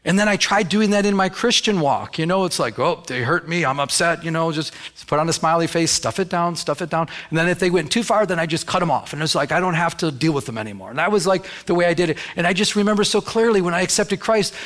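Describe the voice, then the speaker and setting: A man's voice: fairly high pitch, fast talker, hardly any pauses, fairly bright tone. A middle-aged man preaching a sermon as pastor, talking to the congregation in a conversational way and acting out little dialogues. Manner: conversational, acts out dialogue with God.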